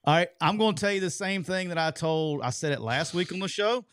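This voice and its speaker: Man, sports talk co-host, chatty, restarts sentences, fairly high voice. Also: a little fast, fairly bright tone, slight background noise. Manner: chatty, restarts and repeats himself.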